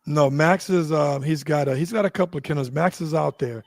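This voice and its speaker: A man's voice: fairly high pitch, fairly quick, no room sound. Loose-talking man with a dry, close sound. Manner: loose, profane, stumbles and repeats words. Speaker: host. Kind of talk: casual chat.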